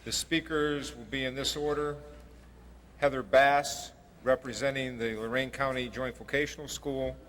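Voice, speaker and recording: A man's voice: medium pitch, fairly even intonation, moderate pace, a bit bright, slight background noise. Man announcing in an echoey hall. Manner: formal and matter-of-fact. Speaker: ceremony announcer. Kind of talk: formal ceremony announcement. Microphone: podium mic over a PA.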